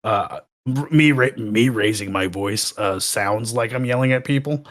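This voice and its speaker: Young man, sarcastic, animated storyteller, casual podcast chat. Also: on the low side, a little slow. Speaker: podcast guest.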